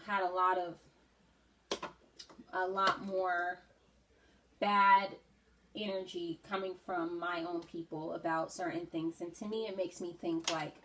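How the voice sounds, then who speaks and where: A woman's voice: mid-range voice, rough recording. A woman beauty vlogger talking casually while doing her makeup, earnest and reflective, with many "you know"s.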